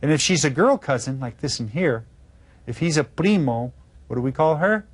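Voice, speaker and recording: A man's voice: a little high, lively intonation, normal speed. A man teaching a video Spanish lesson to children, patiently spelling words out letter by letter.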